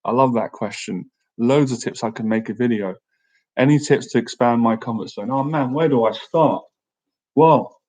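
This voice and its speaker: A man chats through a casual live-stream Q&A, upbeat and friendly. He laughs easily and keeps tossing in "right?" as he talks. His voice sits at an everyday middle pitch. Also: low-quality recording. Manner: chatty and upbeat, often asks "right?"; laughs easily, animated when telling stories. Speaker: social skills coach and YouTuber.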